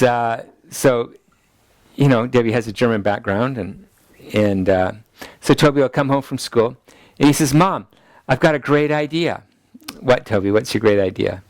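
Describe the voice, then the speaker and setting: A middle-aged man, a pastor, teaching a class in a relaxed, chatty way and laughing at his own family stories. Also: medium pitch, no echo. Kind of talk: teaching lecture with family anecdotes.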